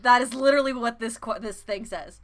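A woman's voice: a little high, fairly quick. A woman co-hosting a podcast in casual chat, playful and giggly, often trailing off mid-sentence. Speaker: podcast co-host.

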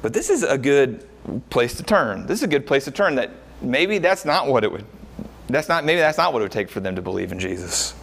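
Male pastor mid-sermon, lively up-and-down delivery, casual asides and rhetorical questions. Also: medium pitch, fairly quick, creaky. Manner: animated, rhetorical questions, frequent uh fillers.

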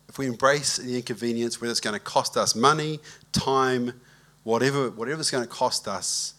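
A medium-pitched male pastor preaches in a chatty, conversational way, telling a laid-back story and calling on the congregation to show hands.

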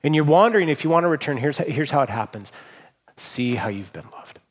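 A man preaching a sermon as pastor, in an earnest and emotional way, often restarting his words and letting his phrase endings trail off softly. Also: on the high side, animated, brisk, husky.

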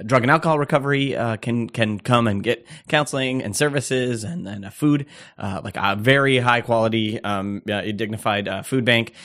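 A man co-hosting a casual chat podcast, eager and rambling, with lots of fillers and quick laughs. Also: medium pitch, fairly bright tone. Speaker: podcast co-host and pastor.

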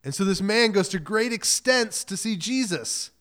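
A man's voice: high voice, lively intonation, normal speed, a bit bright. A man pastor giving a sermon in a casual, joking storyteller manner. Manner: casual, joking storyteller who acts out quotes.

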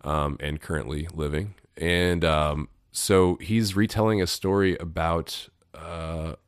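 A man's voice: low-pitched, steady tone, slow, clear, resonant tone, no echo, clean studio sound. A man from Louisville, hosting a podcast in casual, rambling chat, swearing freely and laughing often. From Louisville, Kentucky. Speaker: podcast host.

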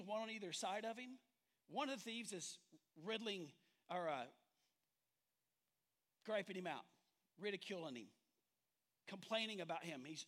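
A man's voice: sits high, fairly bright tone. A male pastor preaching a sermon in a church sanctuary, talking conversationally and drawing the congregation in with questions and jokes.

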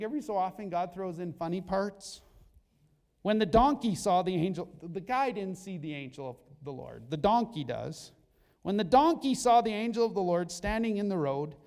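A male pastor preaches with animated storytelling and playful asides. His voice sits fairly high for a man, and it echoes through a church hall with a long reverb tail. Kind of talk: sermon.

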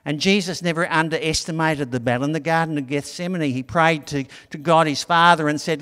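A man's voice: on the high side, fairly quick, hardly any pauses, fairly bright tone, clear, resonant tone, in a large hall. A middle-aged man preaching a sermon in a conversational, storytelling way. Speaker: pastor.

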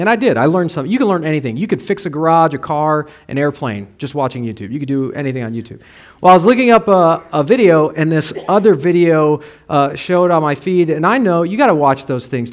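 A man preaching a sermon in a conversational way, mixing personal stories with scripture and moving between soft asides and emphatic points. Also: fairly high pitch. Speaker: pastor.

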